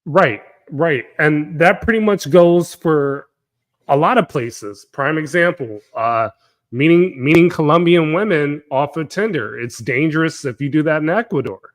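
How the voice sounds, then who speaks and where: Man, host of a live panel, slightly high voice, animated, repeats himself. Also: a little slow. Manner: animated, cuts in often, repeats words. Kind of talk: live-stream panel talk.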